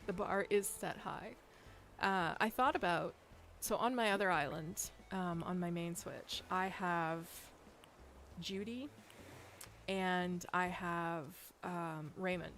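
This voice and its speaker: A woman's voice: lowish voice, steady tone, slow, fairly bright tone, slight background noise. A woman streaming a game, chatting casually and rambling, laughing often. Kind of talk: casual chat while playing.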